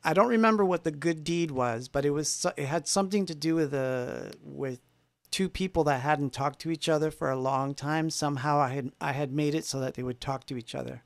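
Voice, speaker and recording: A man's voice: a little high, a little fast, creaky, no echo. A man hosting a livestream from his home music studio, telling a rambling story in a casual, self-deprecating way with many fillers.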